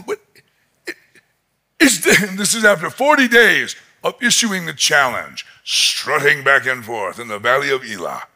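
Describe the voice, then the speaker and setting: A male pastor preaching a sermon in an animated storytelling manner, chuckling often as he tells the story. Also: a little high, gravelly, breathy edge.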